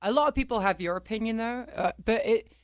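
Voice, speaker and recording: A woman in her thirties tells stories from her career on a radio talk show. She talks in a lively, animated way, laughing and acting out what others said. The sound is dry and close. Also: fairly high pitch, quick pace, no echo. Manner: animated, laughs often, acts out quotes. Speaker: wrestler guest. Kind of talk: casual radio interview storytelling.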